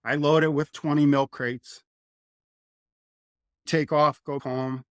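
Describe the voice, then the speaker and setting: A middle-aged man from New Jersey, a former college football lineman, telling stories as a guest in a casual interview, lively, acting out quotes. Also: on the high side, slow, no room sound, clean studio sound. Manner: animated, acts out quotes.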